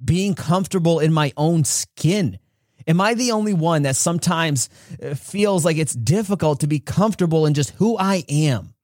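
Male host, personal storytelling monologue, slightly high voice, dry close sound, emphatic. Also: moderate pace, darkish tone, no room sound. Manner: emphatic, acts out childhood dialogue with rising pitch. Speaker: podcast host.

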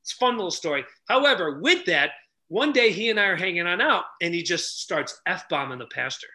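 An energetic middle-aged man telling stories as a podcast guest, acting out the people he quotes. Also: high voice, fairly quick. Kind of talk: animated storytelling.

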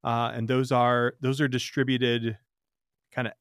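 A man hosting an interview, talking in a loose, rambling way and growing animated when he jokes. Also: mid-range voice, unhurried, smooth, no echo, clean studio sound. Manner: rambling, with many fillers and restarts, animated when joking. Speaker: podcast host. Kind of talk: casual interview conversation.

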